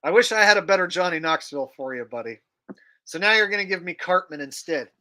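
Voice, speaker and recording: A man's voice: high voice, expressive, fast, pushed and bright. A man hosting a livestream in casual chat, crude and rambling as he jokes around. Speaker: livestream host.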